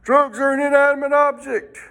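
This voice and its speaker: A man's voice: very high voice, level tone, brisk, vocal fry, pushed and bright. A man teaching a folksy Sunday school lesson, rambling and throwing in rhetorical questions.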